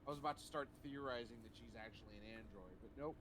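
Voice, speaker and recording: A man's voice: on the low side, fast. A man chatting casually on a game stream, rambling with hesitant restarts. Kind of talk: casual gaming chat. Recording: noisy recording.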